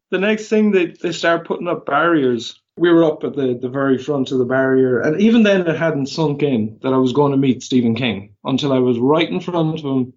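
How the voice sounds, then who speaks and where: An Irish man, a podcast guest, telling animated stories casually and acting out the dialogue. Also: medium pitch. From Ireland. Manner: animated, quick anecdotes with quoted dialogue. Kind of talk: casual storytelling. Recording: slightly dull lo-fi audio.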